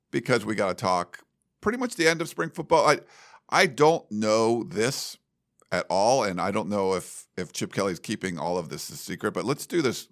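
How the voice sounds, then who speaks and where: A man's voice: medium pitch, fairly bright tone. A man co-hosting a podcast in a studio, in casual, rambling chat full of fillers. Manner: rambling, laid-back, lots of fillers. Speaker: podcast co-host.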